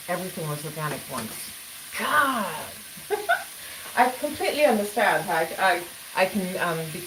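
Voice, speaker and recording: A woman hosting a casual live chat, rambling, apologizing and breaking off mid-thought. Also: lowish voice. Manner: rambling, apologetic, self-interrupting. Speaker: livestream host. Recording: clear cooking noise behind.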